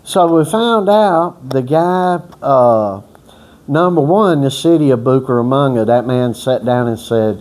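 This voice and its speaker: A man's voice: mid-range voice, expressive, a little slow, darkish tone. A man casually telling a long, rambling story with folksy, profane talk and many restarts. He acts out other people's words as he goes. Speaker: storyteller on a boxing workout channel.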